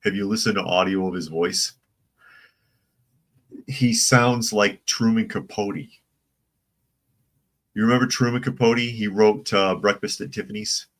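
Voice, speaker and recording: A man's voice: on the low side, measured pace, long pauses. A man hosting a casual live-stream commentary show, opinionated and rambling, reading viewer chat comments aloud. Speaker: political commentary channel host.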